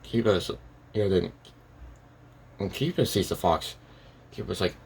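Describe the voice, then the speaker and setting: A man's voice: deep voice, a little slow, vocal fry, a little hiss or hum. A man telling a made-up fan story in a casual, rambling way, with constant fillers and restarts.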